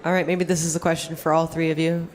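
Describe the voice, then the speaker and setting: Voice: mid-range voice, little pitch movement, fast, big-room sound, soft background music. An audience member asking the storytellers a playful, teasing question.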